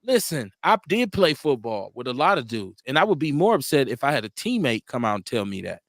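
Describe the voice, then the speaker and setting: A man's voice: mid-range voice, big pitch swings, a little fast, fairly bright tone, dry recording, clean studio sound. A man hosting a casual live stream, reading viewer comments aloud and answering them frankly, often laughing and repeating himself. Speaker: live-stream show host.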